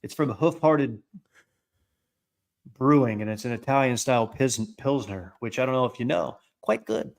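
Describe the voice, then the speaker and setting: A man's voice: medium pitch, moderate pace, gravelly, long pauses. A man with a Worcester, Massachusetts accent, co-hosting a casual sports podcast in a playful, teasing way. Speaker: podcast co-host.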